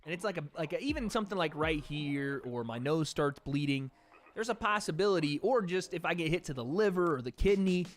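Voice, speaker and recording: A man's voice: on the high side, expressive, brisk, soft background music. A young man from the American South chatting casually on a livestream, reading donations and trailing off with laughs. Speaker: streamer hosting a watch party.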